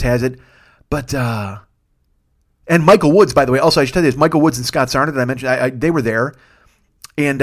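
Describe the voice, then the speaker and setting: A middle-aged man telling a long comic story as a podcast host, animated and profane, laughing and loudly acting out the voices in it. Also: a little high. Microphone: studio microphone.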